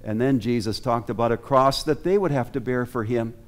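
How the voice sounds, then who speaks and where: Male pastor at the pulpit, mid-pitched, earnest, preaches with rhetorical questions to the pews. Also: brisk. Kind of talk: sermon. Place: church sanctuary.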